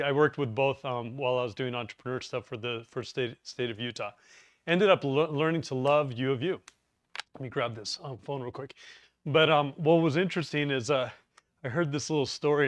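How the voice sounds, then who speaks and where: A man with a fairly high voice teaches a live preparedness class. He jokes and rambles through his asides. He wears a lapel mic and the room sounds dry. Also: fairly bright tone, no room sound. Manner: chatty, joking, rambling asides. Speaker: preparedness course instructor.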